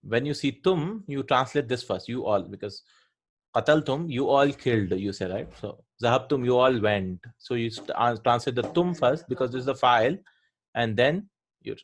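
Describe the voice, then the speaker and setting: A man at a middle pitch walks students through grammar, pausing with "right?" and "hmm?" after each point. He is patient and methodical, repeating forms slowly so they sink in. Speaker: Arabic grammar teacher.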